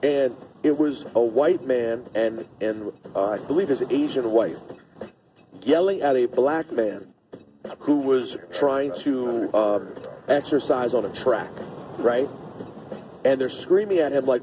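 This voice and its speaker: A man co-hosting a morning radio show, chatting casually and telling stories with animated quoted voices. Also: mid-range voice, slow, a little hiss or hum. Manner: animated storyteller, acting out quotes. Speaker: radio co-host.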